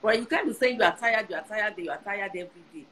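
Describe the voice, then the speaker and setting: A woman's voice: mid-range voice, fast talker, a crowd in the background, poor audio. Earnest Nigerian woman in her sixties. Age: 60s. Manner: earnest, advice-giving, repeats herself for emphasis. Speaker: guest. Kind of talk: casual conversation.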